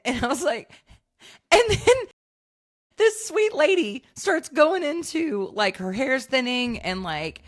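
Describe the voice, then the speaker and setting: A woman co-hosting a podcast, telling an animated story in casual chat and acting out the voices of the people in it. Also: sits high, unhurried. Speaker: podcast co-host.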